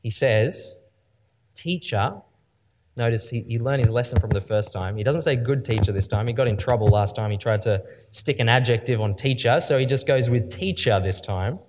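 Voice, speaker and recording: A man's voice: mid-range voice, normal speed. A man preaching a conversational sermon, often asking rhetorical questions. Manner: lively, questioning, frequent rhetorical "right?".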